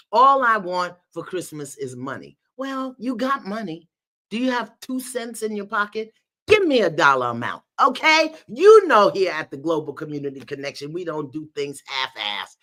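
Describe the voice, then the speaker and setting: Woman, middle-aged, live-stream host, lively swooping delivery, bright edge, playful shout-outs. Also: on the low side. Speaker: host of a live online spiritual gathering. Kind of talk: live-stream greeting viewers by location.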